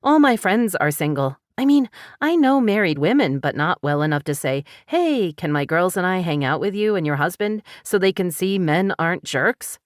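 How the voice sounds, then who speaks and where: A woman's voice: fairly low pitch, animated, moderate pace, no echo, pitched above the performer's own voice, lightly acted. A worried, emotional single mom, as a woman reads her in an audiobook, her words pleading and strained with tears. The recording is close and dry. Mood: earnest. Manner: tearful, rising, pleading. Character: anxious, emotional single mother of two. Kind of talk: audiobook character voice.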